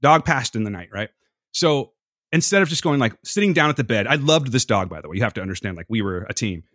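A man's voice: medium pitch, fast talker, no echo, clean studio sound. A man, hosting a podcast and telling rambling, profane stories. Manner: animated, profane, jumps between anecdotes. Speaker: podcast host. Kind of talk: casual storytelling chat.

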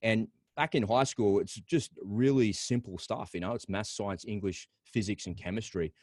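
A man's voice: lowish voice, normal speed, darkish tone, dry recording. Australian man telling his story, dry close sound. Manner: rambling, repeats words, candid. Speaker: podcast guest. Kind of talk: reflective interview storytelling.

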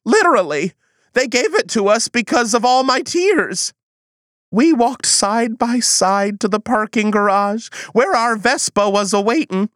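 A woman performing a comedy sketch in a high, swooping voice, whiny and over-the-top melodramatic. Her delivery is unhurried and slips into folksy old-timey phrasing. The sound is close and dry. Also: expressive, a bit bright, no echo.

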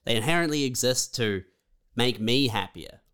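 A man in a mid-range voice, with lively swings in his pitch as he reasons through a point. He laughs easily and fills his speech with "like" and "you know". This is casual podcast chat between two comics. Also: normal speed, clean tone. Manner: animated, laughs readily, talks his point through with fillers. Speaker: comedian podcast co-host. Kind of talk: casual comedic banter.

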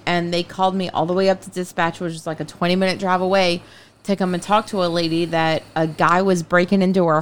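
Wry woman co-host, lowish voice. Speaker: law enforcement co-host. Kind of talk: casual chat.

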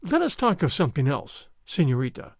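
A man's voice: on the high side, huge pitch swings, brisk, dry recording, clean studio sound, heavily acted. A man reading aloud and voicing an idle young nobleman who drawls lazily and avoids all effort. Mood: languid. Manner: lazy, drawling.

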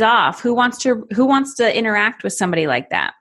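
A woman's voice: mid-range voice, normal speed, hardly any pauses. A woman in her thirties, a parenting coach, talking in a podcast conversation and acting out little scenes in different voices. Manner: animated, acts out scenes with voices.

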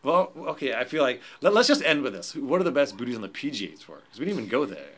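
A man's voice: medium pitch, very animated, fast, a bit bright. A man hosting a podcast, chatting casually with dry, sardonic teasing. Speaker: podcast host.

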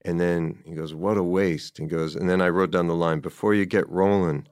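A man with a low, smooth voice talks loosely and warmly about a movie he loves, circling back and quoting lines as he goes. The sound is close and dry, with no room around him. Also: fairly even intonation, normal speed, no room sound. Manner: rambling, enthusiastic, quotes dialogue in passing. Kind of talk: casual film discussion.

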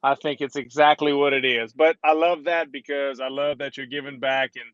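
A man's voice: mid-range voice, fairly even intonation, moderate pace, fairly bright tone. A middle-aged man with a Cajun accent, co-hosting a podcast in an upbeat, teasing way, with some stammered restarts. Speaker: podcast co-host. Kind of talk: casual chat. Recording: dull, dry remote line.

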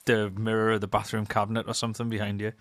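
Low-voiced man, dry sound. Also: completely flat delivery, fast talker, dry recording. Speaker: podcast co-host. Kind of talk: casual chat.

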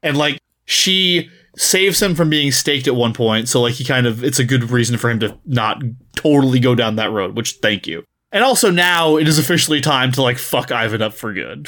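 A man's voice: medium pitch, brisk. A man co-hosting a podcast, casually retelling a book's plot with laughs and swearing. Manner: laughing, profane, animated storytelling. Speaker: podcast co-host.

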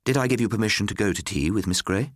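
A man reading a story aloud, voicing a bitter middle-aged mother in a higher, shrill voice. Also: fast, dry recording, studio quality, natural voice. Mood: threatening. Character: bitter, harsh mother, woman of middle age.

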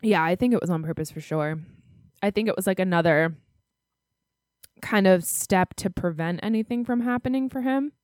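A woman's voice: mid-range voice, normal speed, a little mellow, no room sound, clean studio sound. A woman co-hosting a podcast in casual chat, talkative and self-mocking. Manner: chatty, self-mocking, giggly. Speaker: podcast co-host.

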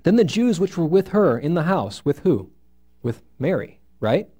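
A man leads a Bible study for a small group in a room, reading passages and unpacking them. His voice sits a little high for a man but has a mellow tone. He keeps his delivery animated and asks the group questions as he goes. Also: normal speed, breathy edge. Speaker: Bible teacher.

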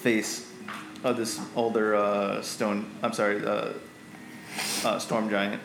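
Halting male game master in an echoey room. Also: fairly low pitch, little pitch movement, vocal fry. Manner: halting, lots of fillers and self-corrections. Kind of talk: narrating a tabletop game. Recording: echoey room, faint music.

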